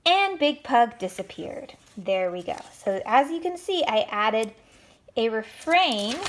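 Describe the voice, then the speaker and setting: A woman's voice: fairly high pitch, slight background noise. A woman teacher giving a recorded writing lesson to children, explaining step by step in an encouraging way.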